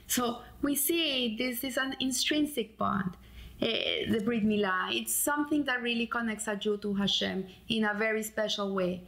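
Woman teaching the weekly torah portion, kinda high voice, tells her story from the heart. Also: normal speed, vocal fry, a bit bright, poor audio.

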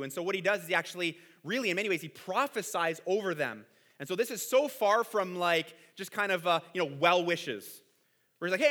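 A male pastor preaching in an earnest, conversational way, with a high, bright voice. He often repeats his words and keeps adding quick asides as he goes. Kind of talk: sermon.

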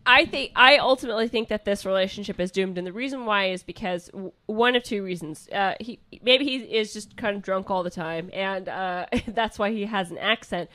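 A woman's voice: medium pitch, moderate pace, few pauses, pushed and bright. A woman co-hosting a comedy podcast, rambling through her points with restarts and laughing along. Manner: rambling, self-interrupting, laughs. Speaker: co-host. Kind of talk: casual comedy podcast banter.

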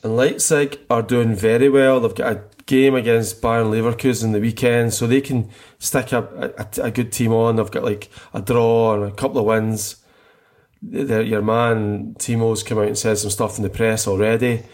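A man's voice: medium pitch, flat delivery, moderate pace, a little mellow. A middle-aged man co-hosting a casual football chat, enthusiastic and rambling, often restarting his sentences. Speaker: podcast co-host.

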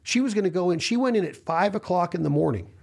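Hungry while fasting, this man rambles through stories in a casual chat, performing the voices of people who speak to him. His high-pitched voice is darkish and slightly rough with vocal fry, lively in intonation and quick.

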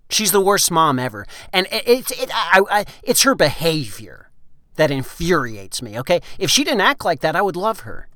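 A man's voice: on the high side, sing-song, moderate pace, pushed and bright, no echo, clean studio sound. A man delivering an intense, stammering comic rant.

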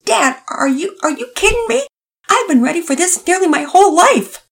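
A woman voicing an excitable, emotional young boy who talks fast and stammers. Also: medium pitch, husky, voice pushed up. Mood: overjoyed.

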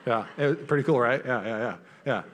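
A young adult man preaching a sermon as pastor, energetic and conversational, often repeating words as he gets going. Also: mid-range voice, brisk, slight background noise.

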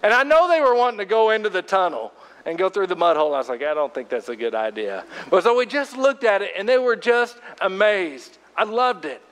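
A man's voice: sits high, very animated, a little fast, fairly bright tone, long reverb tail. An older man preaching a sermon as pastor, in a folksy, conversational storytelling way.

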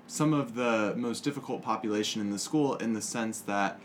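Relaxed low-voiced man chatting. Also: normal speed, a little hiss or hum. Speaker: podcast co-host, teacher. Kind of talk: casual chat.

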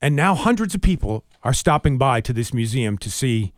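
A man hosting a radio show, reading out local items with animated banter. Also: medium pitch, normal speed, dry recording, studio quality. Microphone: studio microphone.

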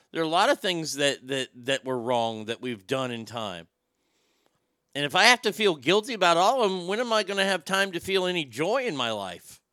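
This talk show host unleashes an opinionated, profane, blunt rant, stammering and restarting often. He sounds a little high, bright and forceful, in a dry, studio-quality recording.

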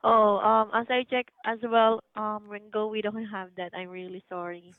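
A woman's voice: medium pitch, little pitch movement, moderate pace, clear, resonant tone, no echo. A woman working as a customer service agent, polite and hesitant with many ums. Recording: tinny phone line.

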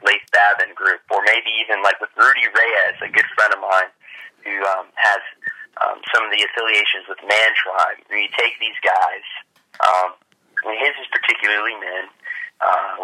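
Enthusiastic male host, low voice with a sharp, bright edge. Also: rough recording. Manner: enthusiastic, admiring, halting restarts. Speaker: podcast host. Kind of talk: casual interview.

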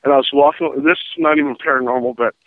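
A man's voice: medium pitch, fairly even intonation, quick pace. A man calling in as a guest on a radio show, telling rambling stories with many restarts over the phone. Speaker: guest, paranormal investigator. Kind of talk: casual radio chat. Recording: tinny phone line.

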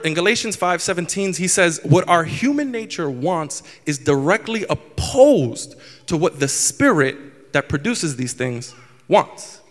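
A man's voice: on the high side, fairly bright tone, long reverb tail. A man in his twenties preaching a candid, self-deprecating sermon, often restarting his sentences. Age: 20s.

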